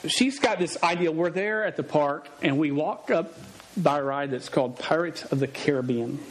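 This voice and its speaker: A man's voice: a little high, normal speed. A man in his forties preaching, telling a family story with jokes, frequent stammers and restarted words. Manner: stammering, joking and animated, often restarting words. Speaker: pastor. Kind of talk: sermon with a storytelling aside.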